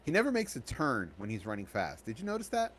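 A man's voice: mid-range voice, wildly swooping pitch, fast, a bit bright, husky. A man talks through his take on a film in loose, casual podcast chat. He keeps stopping and restarting mid-thought, padding his sentences with ums and likes, in an ordinary mid-range voice. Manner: rambling, many restarts and fillers. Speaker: podcast co-host. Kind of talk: casual movie review chat.

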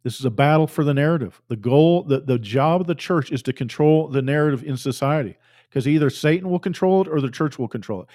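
A man's voice: fairly high pitch, fast talker, darkish tone. Fervent male preacher, emphatic repetition. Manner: fervent, emphatic, repeats phrases for force. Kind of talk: fiery sermon.

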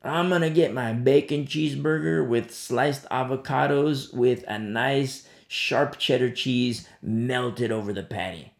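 Man, preacher, gravelly voice, conversational sermon, roomy echo. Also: medium pitch, unhurried, hardly any pauses. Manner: conversational storytelling with frequent "you know".

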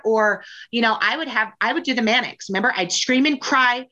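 Animated woman telling candid stories. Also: a little high, a little fast, highs cut off. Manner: animated storyteller, acts out quotes in raised voice. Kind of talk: candid personal chat about sobriety.

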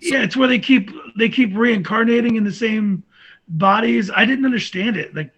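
A man's voice: sits high, normal speed, a bit bright, breathy edge, muffled recording. A man chatting casually about movies on a podcast, rambling and enthusiastic. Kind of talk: casual chat.

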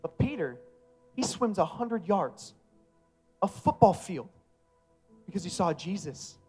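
A male pastor preaching a sermon in a casual, emphatic way that builds to loud passion. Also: sits high, very animated, takes it slowly, soft background music.

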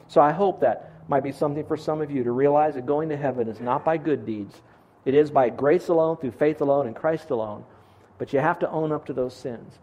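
A man's voice: fairly high pitch, a little fast, darkish tone, highs cut off. A middle-aged man preaching a sermon as a pastor, earnest and asking his congregation questions.

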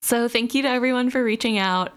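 A woman's voice: on the high side, fast, fairly bright tone, smooth. A young woman from the US Midwest co-hosting a podcast, chatty and giggly, laughing between her thoughts. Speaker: podcast co-host. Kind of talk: casual chat.

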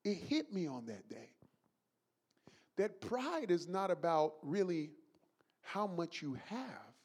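A man from the Bronx, preaching a sermon as an animated storyteller who laughs through his own story. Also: high-pitched, slow, breathy edge. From the Bronx, New York.

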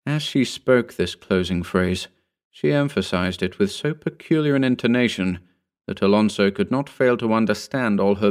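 A man reading an old story aloud in a measured, formal narration. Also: on the low side. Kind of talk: scripted narration.

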